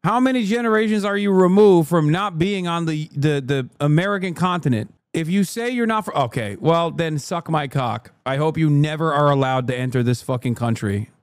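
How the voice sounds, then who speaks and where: Combative, profane streamer with a high voice. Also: male voice, normal speed, few pauses, clean tone, no echo, studio quality. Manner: combative, profane, talks straight to chat. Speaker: streamer reacting to news. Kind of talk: profane live-stream rant.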